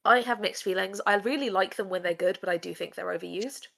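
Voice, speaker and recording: A woman's voice: mid-range voice, fast, gravelly, a bit bright. A woman co-hosting a podcast, chatting animatedly in a casual review of a TV episode. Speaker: podcast co-host. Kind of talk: casual discursive review chat.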